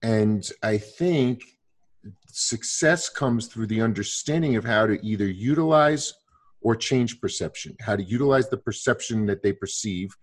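A man's voice: lowish voice, animated, a little slow. A man in his sixties in casual conversation, rambling with many restarts and fillers.

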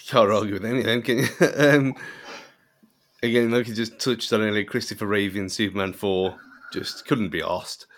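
Relaxed guy, laughing through his points, lower pitch. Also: normal speed. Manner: laughs often, easygoing. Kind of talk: casual chat.

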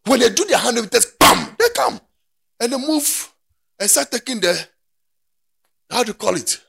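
A man preaching a sermon, dropping to quiet talk and then rising to shouted, sing-song preaching. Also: very high-pitched, animated, moderate pace, gravelly, slightly rough.

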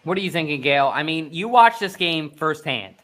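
Young male podcast host, bright and high-ish, hyped fan banter. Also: animated, moderate pace. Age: 20s. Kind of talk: casual sports podcast chat.

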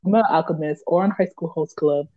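A young woman co-hosting a podcast, chatting casually in a relaxed way. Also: sits low, fast, no echo, narrow, tinny audio. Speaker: podcast co-host. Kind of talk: casual chat.

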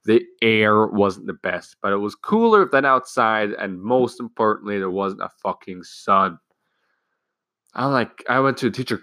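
A man's voice: on the low side, animated, measured pace, pushed and bright, no echo. A teenage boy rambling through a school story in a casual, profane way, full of restarts. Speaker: student telling a school story. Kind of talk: casual solo chat.

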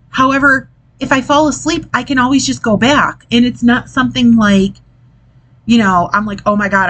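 This woman's voice sits on the high side and sounds fairly bright, though the audio is poor. Hosting a casual podcast as a mother, she talks in a chatty, exasperated monologue, sometimes swearing and gesturing into her desk mic.

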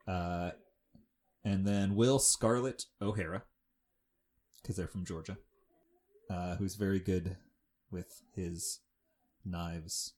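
Brief: low-voiced male podcast co-host, loose and rambling, lots of ums. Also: takes it slowly, pauses often, a little mellow. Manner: rambling, with many fillers and restarts. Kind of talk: casual chat recapping a film.

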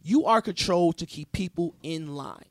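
A man's voice: fairly high pitch, normal speed, dry recording. A man in a casual podcast chat, insistent and lecturing, with swearing.

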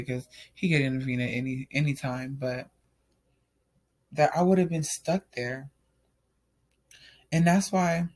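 A man's voice: on the high side, a little mellow. Man telling a candid personal story. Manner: candid and emotional, speaks in loose run-on sentences. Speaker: storyteller sharing a personal testimony.

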